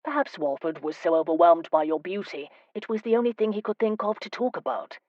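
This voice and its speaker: A woman narrator voicing a proper, earnest male diplomat in an audiobook, in a measured, reasoning way. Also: lowish voice, lively intonation, dry recording, highs cut off, natural voice. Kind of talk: audiobook character voice.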